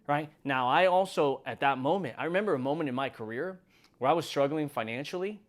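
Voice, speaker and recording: A man's voice: a little high, fairly quick. Emphatic middle-aged motivational speaker, man. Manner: emphatic, builds to near shouting. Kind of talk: motivational talk to camera.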